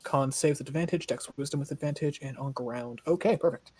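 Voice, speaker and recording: A man running a tabletop game as game master, briskly reading out rules, his voice starting to give out. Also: fairly high pitch, a little mellow, breathy edge. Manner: brisk, reads rules aloud. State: voice giving out.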